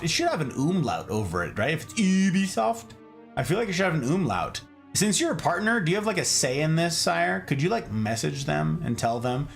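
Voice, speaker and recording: A man's voice: a little high, very animated, moderate pace, creaky, a bit bright, soft background music. An American man in his thirties streaming casually, chatting with viewers in a playful, joking way. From United States. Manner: playful, jokey, drops into mock German asides. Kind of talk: casual live-stream chat reading out chat.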